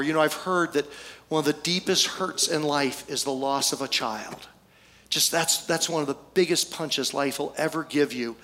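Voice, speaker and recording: A male pastor preaching a storytelling sermon, folksy, with humorous asides and pauses for effect. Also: a little high, fairly bright tone.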